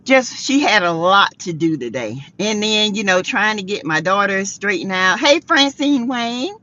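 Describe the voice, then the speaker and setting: A woman's voice: medium pitch, big pitch swings, measured pace, pushed and bright. A woman hosting a casual live chat, tired, laughing often and greeting viewers by name. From South Carolina. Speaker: livestream host. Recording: dull lo-fi sound.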